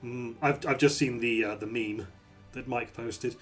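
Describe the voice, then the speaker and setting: A man playing in a tabletop game, eager and animated, often restarting his sentences. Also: medium pitch, a little slow, soft background music. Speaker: player.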